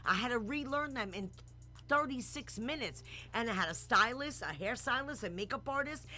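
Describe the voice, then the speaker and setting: A woman hosting a casual radio talk show, telling stories in an animated, slangy way with laughs. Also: on the high side, normal speed, soft background music.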